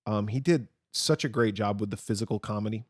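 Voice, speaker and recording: A man's voice: lowish voice, fairly quick, no echo, clean studio sound. A man co-hosting a podcast, chatting casually and telling rambling, jokey stories. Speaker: podcast co-host. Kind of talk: casual chat.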